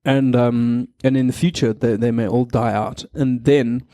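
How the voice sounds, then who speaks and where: A man, a comedian telling animated stories and acting out voices on a radio show. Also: medium pitch, measured pace, no room sound, studio quality. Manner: animated, acts out voices and quotes. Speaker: guest comedian. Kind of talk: comedic storytelling on live radio.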